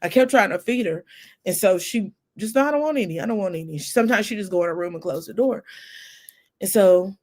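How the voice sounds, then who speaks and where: A middle-aged woman hosting a casual livestream chat, telling family stories in a warm chatty way, close to tears. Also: mid-range voice, fairly quick. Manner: chatty storytelling with laughs and Southern "y'all". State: near tears. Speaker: livestream host. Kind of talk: casual chat with live viewers.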